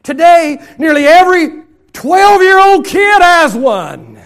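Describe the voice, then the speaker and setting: A middle-aged pastor's sermon rides on an extremely high pitch with big pitch swings. He goes from loud shouting to soft, hushed asides, and key phrases come out slow and drawn-out for emphasis.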